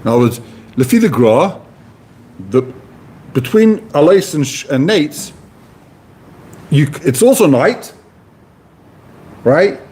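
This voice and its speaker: Husky, animated Yeshivish-accented male teacher. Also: a little high, slow, long pauses. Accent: Yeshivish English with Hebrew-Aramaic terms. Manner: animated, conversational, asks rhetorical questions. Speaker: Talmud teacher. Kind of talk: Talmud class lecture.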